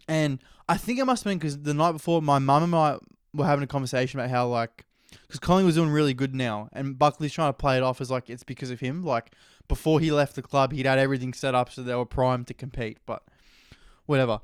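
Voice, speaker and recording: Crude, rambling Australian podcast host. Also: male voice, medium pitch, clear, resonant tone, no room sound, clean studio sound. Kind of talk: casual solo podcast chat.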